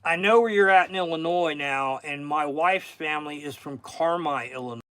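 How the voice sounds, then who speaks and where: A man's voice: fairly high pitch, normal speed, a bit bright, clear, resonant tone. A middle-aged man with a Southern accent, a fishing guide hosting a casual livestream, chatting in a rambling way and thanking viewers by name.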